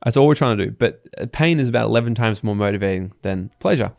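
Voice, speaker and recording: An Australian man guesting on a podcast, telling stories in a casual, animated way and acting out the people he quotes. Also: lowish voice, fast talker, vocal fry, dry recording, clean studio sound. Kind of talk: casual interview talk.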